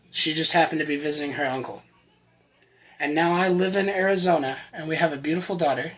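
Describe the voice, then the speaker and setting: A man giving an earnest, emotional personal faith testimony to the camera, often halting and repeating words. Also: on the high side, a bit bright, low-quality recording. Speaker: channel host sharing his recovery testimony.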